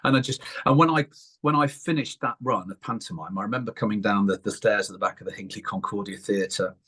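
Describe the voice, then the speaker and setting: Husky low-voiced English man telling stories. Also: fast. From England. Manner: animated, acts out voices in his anecdotes. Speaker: puppeteer and panto performer. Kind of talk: casual interview storytelling.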